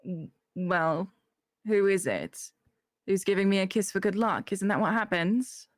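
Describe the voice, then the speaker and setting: A woman's voice: medium pitch, lively intonation, moderate pace, no echo, clean studio sound, lightly acted. A woman voicing a bold, confident female duelist with a put-on accent and a brash, flirty swagger.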